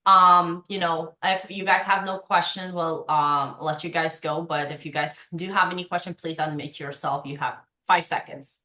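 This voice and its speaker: A woman coaches a sales team over a video call with lively energy. Her voice sits slightly low and rings in an echoey room. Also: moderate pace, few pauses. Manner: energetic, coaching, acts out past conversations. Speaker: insurance sales trainer. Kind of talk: training call.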